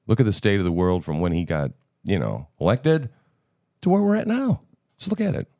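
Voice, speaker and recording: Sarcastic ranting man, lively and low. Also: a little fast, dry recording, studio quality. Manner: sarcastic, profane, emphatic ranting. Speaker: show host. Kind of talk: political commentary over clips.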